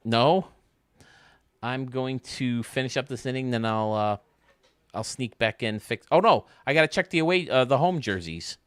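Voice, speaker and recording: A man's voice: medium pitch, lively intonation, moderate pace, a bit bright, smooth, no room sound. A man streaming a baseball game, rambling and joking casually with his chat. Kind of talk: casual chat while playing.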